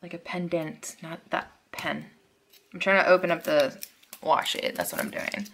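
Bubbly woman unboxing stickers at her desk, bright crisp voice, gets all excited and chatty. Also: lowish voice, moderate pace. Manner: gushing and excitable, chatty asides to viewers. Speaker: planner unboxing vlogger. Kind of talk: casual unboxing chat to viewers.

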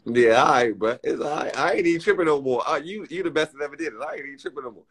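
A young man streaming casual chat, excitable and teasing, laughing often and using crude slang. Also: on the high side, racing, breathy edge.

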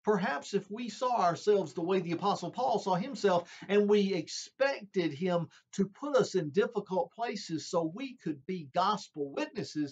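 A man's voice: sits high, breathy edge. A male preacher delivering a sermon in an earnest, emphatic way, addressing his listeners as friends. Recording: dull lo-fi sound.

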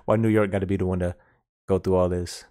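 A man hosting a reaction video, talking casually and excitedly with frequent laughs and slangy asides. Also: deep voice, fast.

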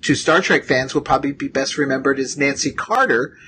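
A man's voice: medium pitch, a little fast, pushed and bright, a little hiss or hum. A man hosting a podcast interview, chatting and pointing out fan trivia. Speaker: podcast host. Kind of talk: casual interview chat.

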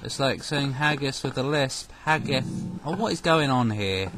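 A man giving goofy, excitable let's-play commentary with sudden loud outbursts. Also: medium pitch, moderate pace, very noisy. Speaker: gameplay commentator. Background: game music.

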